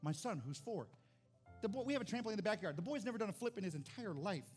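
A pastor, preaching and telling stories in an animated, excited way. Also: male voice, high-pitched, fast talker, faint music behind. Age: 40s. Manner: animated storytelling, builds to excited shouts. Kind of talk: sermon.

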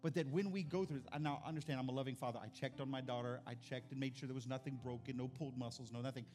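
A pastor, preaching and telling stories in an animated, excited way. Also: male voice, mid-range voice, very fast, soft background music. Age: 40s. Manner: animated storytelling, builds to excited shouts. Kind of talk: sermon.

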